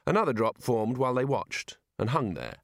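A male narrator reads a comic fantasy with a wry, expressive delivery, his pitch rising and falling freely through the sentences. His voice sits at a middle height and the recording is close and dry, with no room sound. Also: moderate pace, vocal fry, no echo. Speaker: audiobook narrator. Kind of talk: scripted narration.

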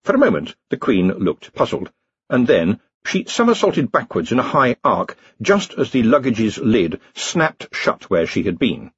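A man reading a novel aloud as an audiobook narrator, telling it in an expressive, dry comic way. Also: medium pitch, unhurried, husky, no room sound, highs cut off. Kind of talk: scripted narration.

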